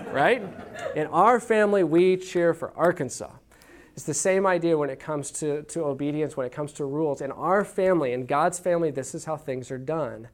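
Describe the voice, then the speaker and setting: A man from Texas teaching a church parenting class in an earnest, folksy way, with many restarts as he tells stories. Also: a little high. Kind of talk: conversational teaching talk with stories.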